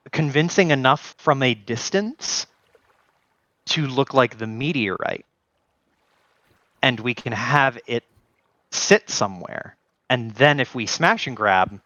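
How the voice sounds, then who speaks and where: A man's voice: medium pitch, bright, forceful tone, no echo, lo-fi sound. A man playing a tabletop game, brainstorming plans and thinking aloud in casual chat.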